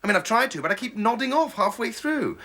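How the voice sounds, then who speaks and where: A sneering scheming Tory MP. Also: male voice, high voice, big pitch swings, fast, sharp tone, exaggerated voice. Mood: mocking. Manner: sneering, mocking, theatrical. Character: scheming arrogant right-wing Tory MP, male, sneering. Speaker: politician. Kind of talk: sitcom acting.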